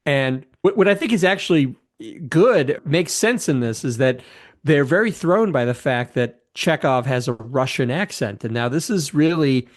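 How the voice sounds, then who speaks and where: Medium-pitched and moderately paced, with lively intonation, a man in his fifties co-hosts a relaxed movie discussion. He excitedly retells scenes, rambles, and keeps restarting his sentences.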